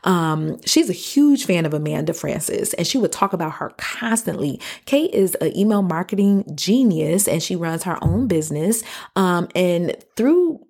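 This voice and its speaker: A woman in her thirties hosting a podcast, telling a personal story in a casual, slangy way and jumping into high-pitched quoted voices. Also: expressive, measured pace, a little mellow. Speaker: podcast host.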